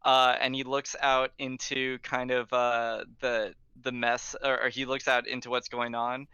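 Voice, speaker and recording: A man's voice: mid-range voice, flat delivery, measured pace, bright, forceful tone, clean tone, no echo, lo-fi sound. A man narrating a tabletop game as game master, talking loosely with many fillers. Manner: rambling, full of fillers and restarts.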